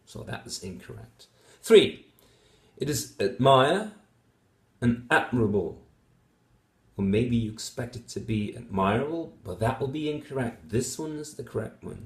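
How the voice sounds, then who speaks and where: A man's voice: mid-range voice, moderate pace, vocal fry, a little mellow. A man with Dutch as his first language, explaining test answers as a phonetics teacher, methodical, with many fillers and repeated example words. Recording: echoey room.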